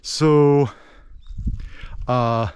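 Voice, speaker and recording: An American man talking in a rambling, animated way as he vlogs outdoors in a village, with lots of fillers. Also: mid-range voice, extremely slow, smooth, no room sound. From United States. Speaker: vlogger. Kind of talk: casual walking vlog monologue.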